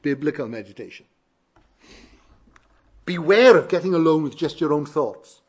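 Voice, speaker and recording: A man's voice: on the high side, animated, moderate pace. A male preacher giving a sermon, emphatic, repeating phrases with shifting stress.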